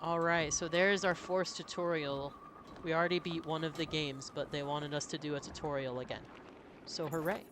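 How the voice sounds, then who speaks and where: A man's voice: a little high, steady tone, normal speed, noisy background. A man reading a story game aloud as a streamer, with casual, self-mocking asides.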